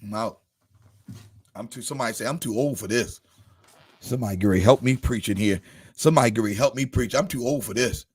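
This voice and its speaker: A man's voice: medium pitch, fast talker, darkish tone, husky. A man preaching a sermon, addressing the congregation by name with rising and falling volume. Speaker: pastor.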